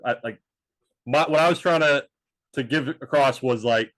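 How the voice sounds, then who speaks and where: A man's voice: medium pitch, a little fast, fairly bright tone, no room sound. A man co-hosting a podcast, telling a story in a rambling, casual way with restarts and swearing. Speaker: podcast co-host. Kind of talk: casual chat.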